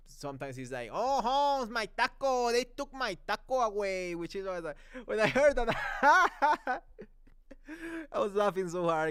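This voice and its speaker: A young man from Mexico chats through a live-stream review in English with his Mexican accent. His voice is smooth and clear, pitched slightly high, and heard dry and close. He rambles, doubles back on words and laughs often. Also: dry recording. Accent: Mexican Spanish. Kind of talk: casual live-stream chat.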